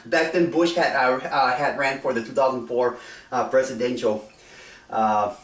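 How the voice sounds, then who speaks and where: A man's voice: mid-range voice, steady tone, normal speed, distant mic. A middle-aged man from South Texas, talking casually to camera in a rambling, hesitant way with many fillers and restarts. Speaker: vlogger. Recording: roomy sound, set back from the mic.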